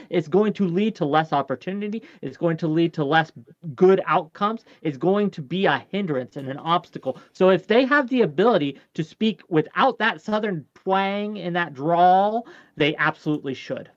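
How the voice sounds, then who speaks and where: A man's voice: high-pitched, lively intonation, normal speed, hardly any pauses, no echo, dull audio. A man hosting an online debate panel, arguing his point firmly and repeating it for emphasis.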